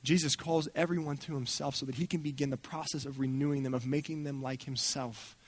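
A man speaking at a church gathering, telling a story in an animated way and acting out the people he quotes. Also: medium pitch, a little fast, husky, dry recording. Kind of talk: storytelling talk.

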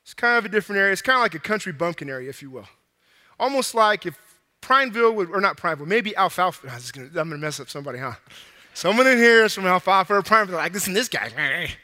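A man preaching a casual, animated sermon to a young crowd, out of breath, acting out bits of dialogue in slang. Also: high voice, rapid-fire, long reverb tail.

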